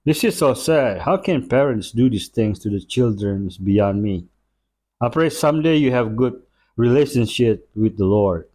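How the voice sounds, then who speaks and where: A man's voice: mid-range voice, animated, normal speed, a little mellow. A man from Indonesia, hosting a reaction video with brief, reflective remarks in slightly phrasing. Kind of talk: casual spoken reaction commentary.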